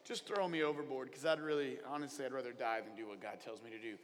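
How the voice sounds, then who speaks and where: A man's voice: mid-range voice, fast, in a large hall, pitched below the performer's own voice, natural voice. A man voicing the prophet Jonah as a sulky, grudging adult who mumbles his excuses.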